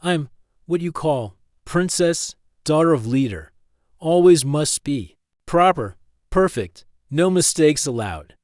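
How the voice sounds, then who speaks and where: A man voicing a polite, formal young alien princess who speaks in simple, halting English. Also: on the high side, expressive, a little mellow, no echo, studio quality. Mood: earnest.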